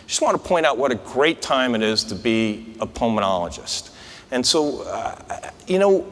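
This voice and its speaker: A man's voice: medium pitch, fairly bright tone. Man giving a conversational conference speech in a reverberant hall. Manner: conversational, anecdotal, with frequent restarts. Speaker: incoming society president giving an address.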